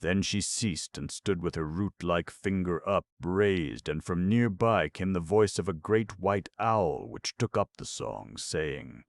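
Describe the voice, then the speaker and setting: A man with an extremely low, gravelly voice narrates a folk tale at a steady storytelling pace. The recording is dry and close. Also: slow, hardly any pauses, no echo. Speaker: audiobook narrator. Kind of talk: scripted narration.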